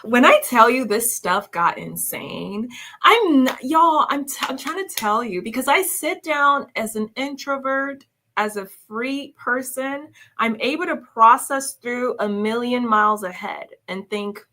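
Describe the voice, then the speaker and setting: A woman's voice: fairly high pitch, expressive, unhurried, sharp tone. A woman hosting a casual commentary livestream, reading viewer comments aloud and reacting with laughs and exclamations, often calling her viewers "y'all.". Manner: chatty, addresses viewers as "y'all".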